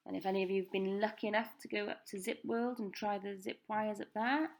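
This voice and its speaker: Woman teacher with some vocal fry, patient and deliberate as she drills pupils on new words. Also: mid-range voice, steady tone. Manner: slow, careful pronunciation drills. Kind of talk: recorded classroom lesson. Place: school.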